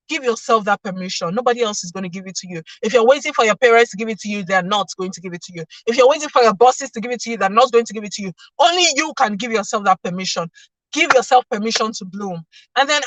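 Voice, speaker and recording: Woman giving a churchy pep talk, kinda high voice, says stuff over and over, mic a bit far off. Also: a bit bright, no room sound. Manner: emphatic, repeating lines for effect. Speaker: motivational speaker. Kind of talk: faith-based motivational talk. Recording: distant mic, dry sound.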